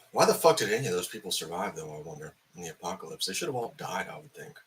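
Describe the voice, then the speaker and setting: Hung-over man venting about a movie, foul-mouthed and rambling, with a bright, tense tone. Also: sits low, very animated, brisk, slight background noise. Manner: profane, angry, rambling with many fillers. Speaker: film reviewer. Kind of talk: ranting film review.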